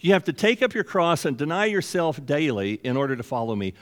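A man voicing Jesus as a calm, firm teacher giving plain instruction. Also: fairly high pitch, a little fast, voice pushed up.

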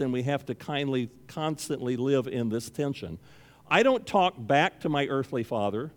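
A man's voice: mid-range voice, big-room sound. A man preaching a sermon as a pastor, earnest, sometimes acting out the voices in his stories. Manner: earnest, acts out voices in stories with lively shifts.

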